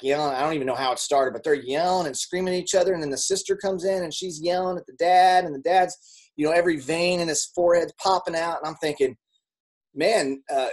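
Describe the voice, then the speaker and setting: A man giving a casual motivational talk to a group, talking conversationally with many fillers and repeats, and acting out quoted people with sudden jumps in pitch. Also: a little mellow. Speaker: speaker on network marketing.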